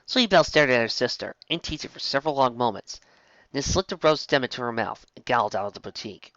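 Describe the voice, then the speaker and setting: A woman reading a fan story aloud in an expressive storytelling voice. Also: a bass voice, fast talker, dry recording, highs cut off. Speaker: reader.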